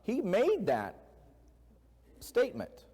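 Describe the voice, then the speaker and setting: Preaching slowly in an echoey church sanctuary, this man has a high-sitting, dark, slightly rough voice with huge pitch swings. He keeps the sermon conversational, often questioning the congregation.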